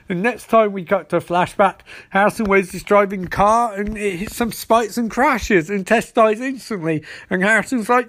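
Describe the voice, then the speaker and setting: A man hosting a show, rambling through a casual, sarcastic episode recap with quick asides. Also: high voice, a bit bright.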